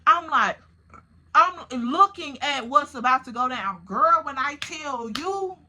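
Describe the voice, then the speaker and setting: A woman telling a story to her viewers in a casual, animated way, swearing freely and speaking straight to them. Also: sits high, slow pace.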